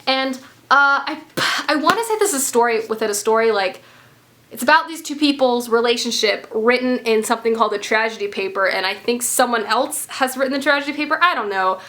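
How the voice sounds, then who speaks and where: A young woman from the United States, a book vlogger talking casually and excitedly, gushing with lots of "like" fillers. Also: high voice. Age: young adult. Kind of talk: casual book haul chat.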